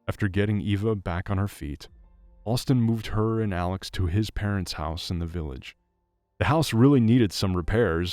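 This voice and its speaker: A male narrator with a very low, gravelly voice tells a dramatic story in a steady scripted read. Soft music plays faintly behind him. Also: no echo.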